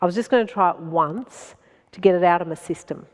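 A woman with an Australian accent, a stand-up comedian telling a story as a guest in an animated way and laughing between phrases. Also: lowish voice, a little fast, long reverb tail. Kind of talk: anecdotal storytelling in conversation.

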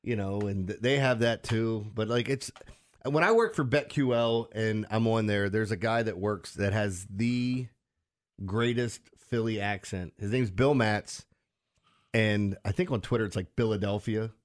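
A man's voice: lowish voice, unhurried. A man with a Baltimore accent hosting a sports radio show, talking casually and animatedly with frequent restarts and laughs.

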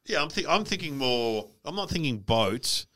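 Lively-voiced man chatting. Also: on the high side, moderate pace, no echo. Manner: chatty, laughing, jokey storyteller. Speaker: podcast co-host. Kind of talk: casual chat.

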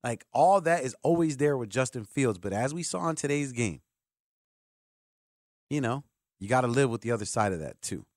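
A man hosting a sports talk radio show, animated and joking, often jumping in over the others. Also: mid-range voice, normal speed, pauses often, no room sound, studio quality.

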